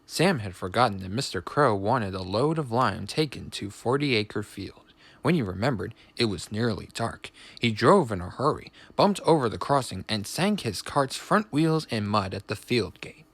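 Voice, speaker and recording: A man reads a children's train story aloud with lively, expressive narration. His pitch moves a lot, and the recording is close and dry with no room sound. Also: normal speed, vocal fry, no echo. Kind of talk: storybook reading with voices.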